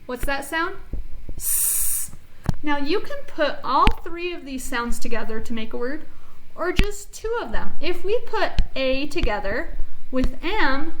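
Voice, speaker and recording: A woman teaching an early reading phonics lesson to children, speaking clearly and encouragingly as she models each sound. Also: high voice, animated, slow, background noise.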